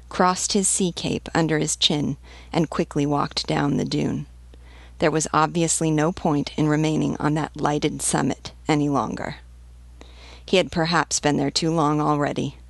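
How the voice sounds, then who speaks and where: A woman reading a novel aloud as a teacher, in a measured, even storytelling manner. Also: low-pitched, vocal fry, no echo.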